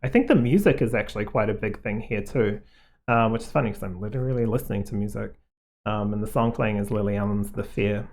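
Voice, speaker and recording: A man giving a casual, rambling tarot card reading to viewers, full of "like" and "um", in a gently reassuring way. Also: on the low side, fairly quick, vocal fry. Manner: rambling, heavy on fillers like "like" and "um".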